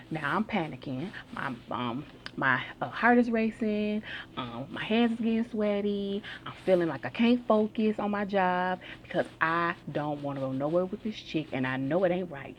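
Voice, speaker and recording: Woman with a low voice, slangy and chatty, giving a self-help talk, faint hiss behind. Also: animated, moderate pace. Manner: slangy, chatty storytelling with everyday examples. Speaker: motivational speaker.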